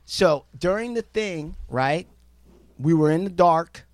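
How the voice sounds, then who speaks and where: A man co-hosting a podcast, telling a story in a brash, profane, animated way. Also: a little high, takes it slowly, dry recording. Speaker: podcast co-host. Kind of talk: casual storytelling chat.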